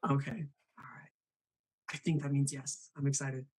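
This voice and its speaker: A man's voice: medium pitch, completely flat delivery, normal speed. A young man hosting a casual live stream, laughing often and reading chat messages aloud. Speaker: host of a live show.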